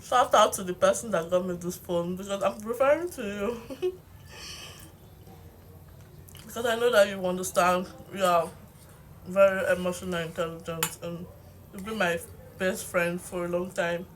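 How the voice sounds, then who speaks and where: A woman's voice: lowish voice, moderate pace, long pauses, slight background noise. A woman in her twenties in a rambling, confessional venting vlog, at times talking like a child, recorded on a phone while she eats. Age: 20s. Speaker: vlogger. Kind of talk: casual venting monologue to camera while eating.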